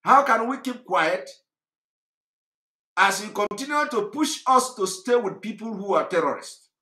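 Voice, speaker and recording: A man's voice: high voice, expressive, measured pace, sharp tone. A man from southeastern Nigeria with a Nigerian accent, giving an impassioned political monologue, mocking and fiery, laughing between his points. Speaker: political activist broadcaster. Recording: roomy echo.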